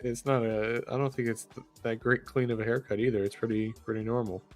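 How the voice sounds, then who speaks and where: A man's voice: medium pitch, level tone, a little fast, soft background music. A man co-hosting a casual fan livestream, bantering in a laid-back way and laughing often.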